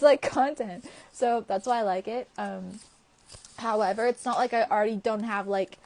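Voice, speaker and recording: A woman's voice: medium pitch, creaky. A young woman chatting casually to viewers on a livestream, rambling with lots of fillers and frequent laughs. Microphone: phone or webcam livestream.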